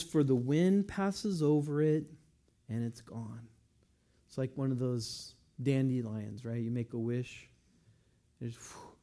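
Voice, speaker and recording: A man preaching a sermon, talking in a relaxed, conversational way and reading scripture slowly. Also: on the high side. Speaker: pastor.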